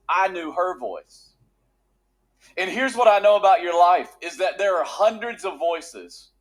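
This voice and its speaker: A pastor in his thirties, his voice sitting a little higher than most men's. He preaches in a relaxed, conversational way, then climbs into fervent, emphatic repetition. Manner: conversational, builds to rising emphatic intensity. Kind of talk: sermon.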